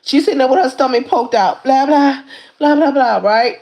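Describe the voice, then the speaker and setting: A woman hosting a casual livestream, retelling a story in an animated, repetitive way with lots of asides to her viewers. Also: high-pitched, normal speed. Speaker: livestream host. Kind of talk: casual recap of a reality show.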